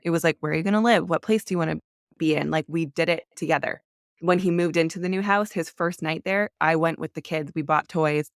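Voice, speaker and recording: Woman in her thirties, podcast guest, earnest candid storytelling, smooth resonant voice, dry close sound. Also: deep voice, brisk, no room sound. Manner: earnest, frequent "like" fillers.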